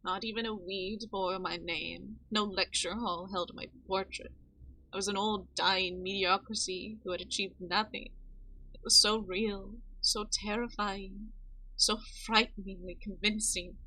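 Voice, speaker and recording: A woman's voice: mid-range voice, steady tone, unhurried, bright, forceful tone, low-quality recording. A woman voicing a haughty, contemptuous young female botanist with a pompous, shifting put-on accent, reading game dialogue aloud. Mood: anxious.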